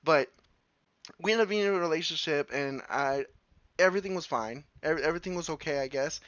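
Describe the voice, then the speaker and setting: A man streamer telling a story casually, animated and laughing, with lots of restarts. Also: a little high, brisk, no echo.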